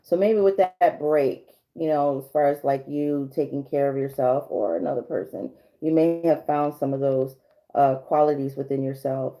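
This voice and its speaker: A woman's voice: a bass voice, steady tone, moderate pace, mellow, low-quality recording. A woman giving a casual livestream tarot reading, rambling through restarts and fillers and laughing often. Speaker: tarot reader.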